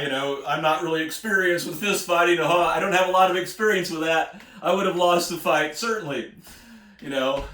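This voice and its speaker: This American singer-songwriter's voice is on the high side with a sharp tone as he recounts a wandering road story. The delivery is relaxed and folksy with frequent chuckles, recorded in an echoey space.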